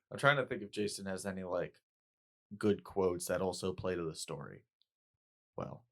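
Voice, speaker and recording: A man's voice: low-pitched, measured pace, long pauses. A man co-hosting a podcast, chatting casually and laughing a lot as he acts out movie lines. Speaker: podcast co-host. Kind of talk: casual chat.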